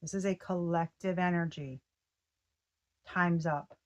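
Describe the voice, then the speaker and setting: A woman giving a casual tarot reading, excitable and slangy, often breaking off mid-sentence to start over. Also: fairly low pitch, measured pace, highs cut off. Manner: slangy and profane. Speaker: tarot reader.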